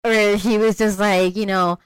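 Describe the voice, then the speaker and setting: A woman talks casually and animatedly about a film, full of slang and laughing asides. She often jumps into high, sing-song voices to mimic characters. The recording is dry and close. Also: little pitch movement, measured pace, clean tone, dry recording, rough recording. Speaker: podcast co-host discussing a film. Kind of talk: casual chat.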